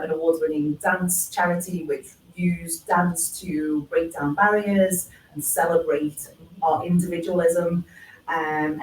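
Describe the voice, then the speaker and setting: A woman's voice: sits low, roomy sound, distant mic, slight background noise, poor audio. A woman with a Scouse accent speaking in a chatty, easygoing way on a live panel. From Liverpool, England. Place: event hall at a live forum.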